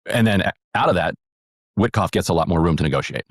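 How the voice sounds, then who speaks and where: Very deep, fast-talking podcast co-host. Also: male voice, lively intonation, no room sound, clean studio sound. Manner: retelling events with acted quotes, many fillers. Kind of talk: casual political talk.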